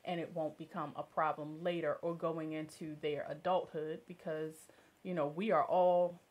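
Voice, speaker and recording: A woman's voice: deep voice, level tone, moderate pace, lo-fi sound. A woman guest giving earnest parenting advice in casual talk-show chat. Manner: earnest, advising.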